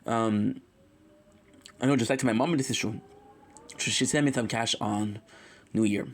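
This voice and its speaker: A man's voice: mid-range voice, moderate pace. A man talking on his livestream, rambling and emotional as he tells a story and keeps correcting himself. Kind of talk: confessional livestream chat.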